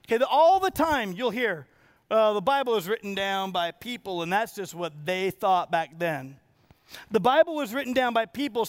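High-voiced preacher man, animated delivery. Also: no room sound. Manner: animated, acts out quotes in varied voices. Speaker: pastor. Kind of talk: sermon.

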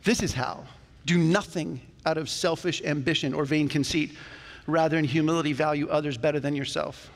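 A male pastor preaching a sermon in a church, talking to the congregation in a conversational, animated way with jokes along the way. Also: fairly high pitch, a little fast. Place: church sanctuary. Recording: long reverb of a church hall.

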